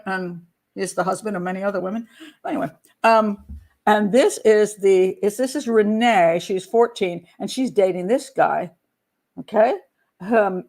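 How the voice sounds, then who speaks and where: Chatty older woman profiling a case. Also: medium pitch. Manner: chatty, blunt, sarcastic asides. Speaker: criminal profiler. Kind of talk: true crime commentary.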